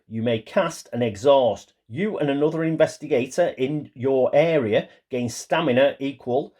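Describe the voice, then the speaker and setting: A man's voice: medium pitch, dark tone. A man talking casually through a solo board game, reading card text aloud and sometimes stumbling over the small print. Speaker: board game player and channel host.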